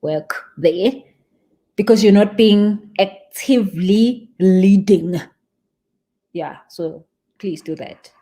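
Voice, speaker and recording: Woman doing a live q&a, warm mellow voice, gets real emphatic, repeats stuff for punch. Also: medium pitch, slow, long pauses. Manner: animated, emphatic, repeats words for stress. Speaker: spiritual business coach. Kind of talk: live-stream Q&A talk.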